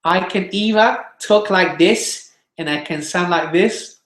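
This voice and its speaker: A man's voice: a little high, measured pace, hardly any pauses, a bit bright, reverberant. A man teaching singing in a webinar, explaining plainly and demonstrating sounds with his own voice.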